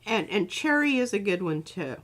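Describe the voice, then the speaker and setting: A woman's voice: medium pitch, sing-song. A woman artist demonstrating on a livestream, chatting casually and thinking aloud, often trailing off mid-sentence. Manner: halting, trailing off, thinks aloud while working. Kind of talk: casual craft demo chat.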